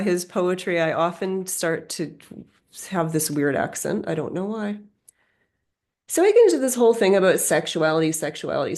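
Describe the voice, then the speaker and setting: Slightly low-voiced woman musing aloud. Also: darkish tone. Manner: musing, meandering, thinks aloud. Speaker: podcast host. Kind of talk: reflective solo podcast talk.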